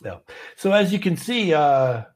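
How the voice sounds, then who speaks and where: A man's voice: fairly high pitch, sing-song, unhurried. A man from Canada hosting a casual trading livestream from an office, chatty and easygoing as he walks through charts. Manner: chatty, easygoing, laughs often.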